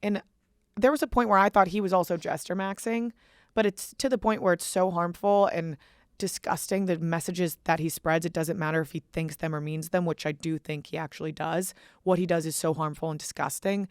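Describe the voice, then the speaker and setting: A young woman hosting a podcast, telling animated, profane stories in casual chat. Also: on the low side, a little fast, clean tone, no echo, studio quality. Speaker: podcast host.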